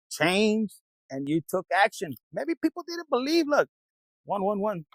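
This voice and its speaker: A man with a high, gravelly voice rambles through a casual tarot reading in a dry, close sound, cursing freely and talking straight to his viewers in a loose, streetwise way. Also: big pitch swings, measured pace, no room sound, poor audio. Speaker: tarot reader.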